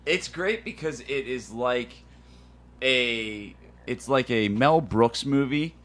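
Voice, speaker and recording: Man with a bright, blunt voice. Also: mid-range voice, slow pace. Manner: blunt, joking. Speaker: podcast co-host. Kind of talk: casual chat.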